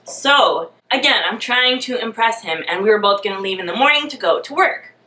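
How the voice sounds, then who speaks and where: A young woman telling a dating story in a storytime vlog, animated, sarcastic and self-mocking. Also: on the high side, moderate pace. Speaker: vlogger. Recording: roomy, mic at a distance.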